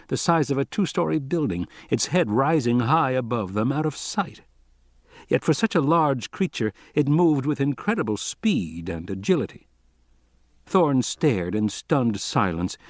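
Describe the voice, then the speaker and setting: Male audiobook reader, animated delivery, dry booth sound. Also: mid-range voice, dry recording. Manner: lively, expressive reading. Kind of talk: audiobook narration.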